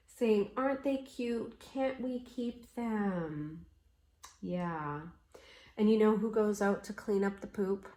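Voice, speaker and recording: A woman's voice: medium pitch, mellow. Chatty woman in an echoey room. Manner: chatty storyteller acting out quoted voices. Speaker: cross-stitch vlogger. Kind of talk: casual chat while stitching.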